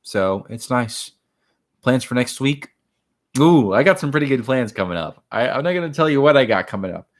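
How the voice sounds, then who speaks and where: A man in his twenties from Miami, hosting a casual home livestream, rambling and chatting as he answers viewer questions. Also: mid-range voice. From Miami, Florida. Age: 20s. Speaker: host of a livestream.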